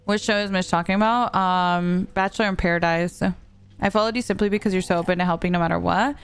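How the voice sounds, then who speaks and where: A young adult woman streaming a game, chatting casually and telling a story in an animated way, with lots of "like.". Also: lowish voice, quick pace, smooth. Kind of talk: casual chat while gaming.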